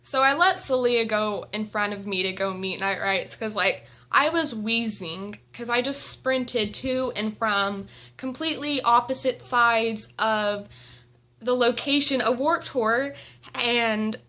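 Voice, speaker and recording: A young woman vlogging at home, telling an excited story with giggles and gushing fangirl energy. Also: fairly high pitch, slow pace. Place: indoors at home.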